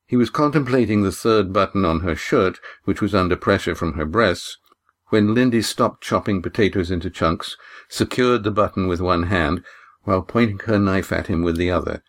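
A man reading his own novel aloud as the audiobook narrator, in a measured, even storytelling manner. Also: sits low.

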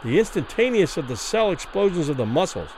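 A man narrating a classic short story as a vivid, expressive dramatic reading. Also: on the high side, a little fast, slight background noise, low-quality recording.

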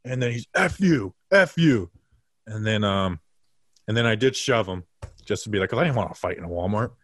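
A man in his late twenties, co-hosting a podcast in casual chat, telling stories in an animated way and acting out the people he quotes. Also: fairly low pitch, fast, dry recording. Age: 20s. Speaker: podcast co-host.

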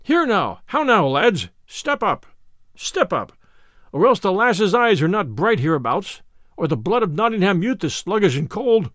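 A man's voice: high-pitched, big pitch swings, normal speed, dry recording, studio quality. A man voicing a taunting, bragging champion cudgel fighter who mocks his rivals in old-fashioned words. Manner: loud, mocking, old-fashioned speech.

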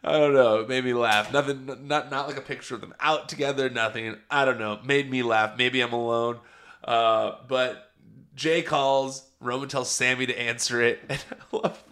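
Bright-voiced man chatting through a recap. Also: mid-range voice, steady tone, moderate pace. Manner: chatty, laughs often while telling. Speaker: podcast host. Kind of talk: casual wrestling show recap.

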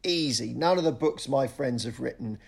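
A man's voice: mid-range voice, moderate pace, gravelly, husky. A middle-aged man, a comedian guest telling a self-deprecating story on a podcast and acting out other people's lines. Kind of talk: anecdotal podcast chat.

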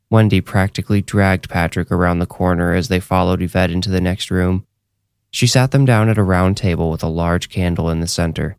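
Deep-voiced man narrating horror. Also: fairly even intonation, a little fast, gravelly, clean tone, dry recording, studio quality.

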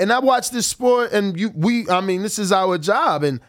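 Guy with a high voice cohosting a boxing chat, animated, super dry close mic. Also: moderate pace, dry recording. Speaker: boxing show co-host. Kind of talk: casual sports chat.

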